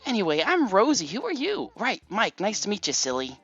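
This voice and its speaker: A giddy, flirty female cat from a cartoon life game, squeaked out by a man, teasing everyone with a sing-song lilt. The voice sits far above a man's normal range. The recording is slightly muffled and lo-fi. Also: huge pitch swings, brisk, fairly bright tone, slightly rough, soft background music, heavily acted.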